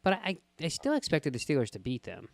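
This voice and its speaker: A man co-hosting a podcast, chatting casually about football, profane and joking in quick back-and-forth. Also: fairly high pitch, wildly swooping pitch, gravelly, no echo. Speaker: podcast co-host. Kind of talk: casual sports chat.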